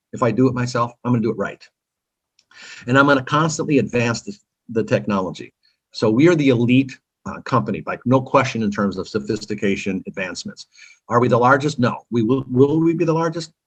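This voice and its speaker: A man's voice: animated, fairly quick, husky, dull audio. A man from California, a company founder, giving eager, talkative answers in a casual interview. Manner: eager, talkative salesman pitch.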